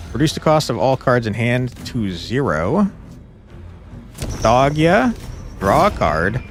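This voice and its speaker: Playful streamer man with a lively voice. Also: mid-range voice. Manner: playful, chatty, thanks viewers. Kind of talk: live game streaming, reading story text aloud.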